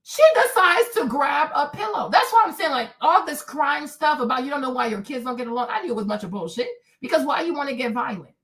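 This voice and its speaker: In an animated, indignant rant, a young livestream host tells her viewers a story in a casual way, addressing them as "y'all." Her voice sits high, and she talks quickly with hardly any pauses.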